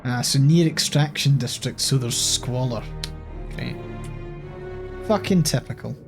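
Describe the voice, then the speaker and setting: A man's voice: mid-range voice, unhurried, over music. A man with a Scottish accent giving casual let's-play commentary, thinking aloud and swearing offhandedly as he plays. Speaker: gaming channel host.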